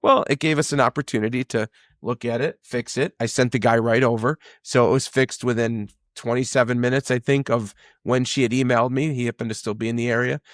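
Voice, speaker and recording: A man's voice: medium pitch, fairly even intonation, brisk, dry recording, studio quality. A man who owns a home service business, chatting casually and telling long stories full of fillers and acted-out quotes. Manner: rambling storyteller, many fillers, acts out quotes. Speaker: business owner, podcast guest. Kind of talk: casual conversation.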